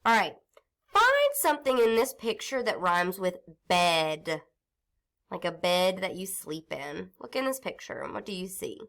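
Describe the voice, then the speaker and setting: Slow sing-song woman teacher. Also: lowish voice, expressive, creaky, a bit bright. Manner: slow, sing-song teacher talk, stretching out words and sounds. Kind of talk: phonics lesson for young children.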